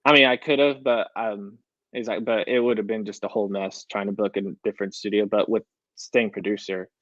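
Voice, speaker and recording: A man's voice: lowish voice, steady tone, brisk, a bit bright, dry recording, dull audio. A young man, a country singer, chatting casually in an interview and acting out his own past lines with "I was like.". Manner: storytelling, quoting himself with "I was like" often. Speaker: country recording artist, guest.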